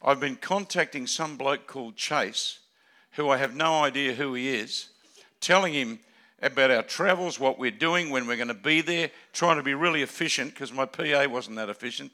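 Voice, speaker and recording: An older man with an Australian accent and a gravelly voice, preaching as a guest with jokes and rambling asides, swinging between loud calls and quiet remarks. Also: medium pitch, normal speed. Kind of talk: sermon.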